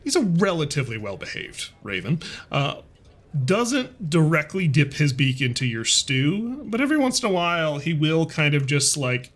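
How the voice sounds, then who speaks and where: A man's voice: a little high, very animated, normal speed, fairly bright tone. A man narrating as game master in a tabletop game, casual and amused, with many fillers.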